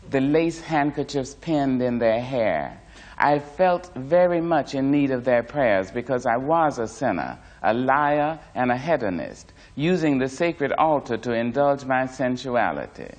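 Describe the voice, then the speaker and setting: A man narrating a memoir in a measured, expressive reading voice. His pitch sits in an ordinary middle range for a man.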